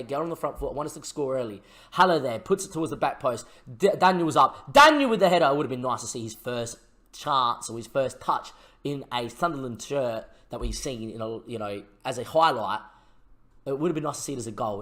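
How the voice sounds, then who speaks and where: Fast-talking lad commentating a game. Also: male voice, medium pitch. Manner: chatty, swings into excited shouting at chances. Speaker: gaming YouTuber. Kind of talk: Football Manager let's-play commentary.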